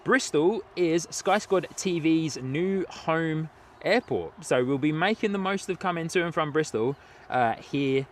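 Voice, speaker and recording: A man's voice: a little high, animated, a little slow. An English man in his thirties hosting a live plane-spotting stream outdoors at an airport, chatting loosely with many fillers and laughs. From England. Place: outdoors at an airport, light rain. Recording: outdoor stream with faint background noise. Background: faint outdoor and vehicle noise.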